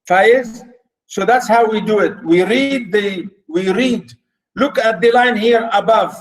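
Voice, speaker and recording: A man teaching a literature class online walks students through the syllables and stresses of a poem. He talks slowly in a fairly high voice and says each word again and again as he counts. He speaks into a computer mic on a class call. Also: poor audio. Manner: drills syllables and stresses by repeating words slowly. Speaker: literature lecturer.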